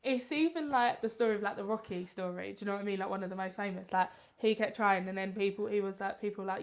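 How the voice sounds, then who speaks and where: A woman's voice: medium pitch, fast, few pauses. A woman guest, an actress and drama teacher, chatting casually in a friendly, emphatic way. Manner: friendly, emphatic, laughs easily. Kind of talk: casual chat.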